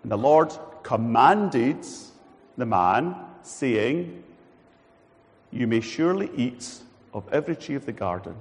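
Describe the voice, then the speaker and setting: A man preaching a sermon in a church hall, animated and acting out quoted voices. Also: mid-range voice, takes it slowly, husky. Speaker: pastor.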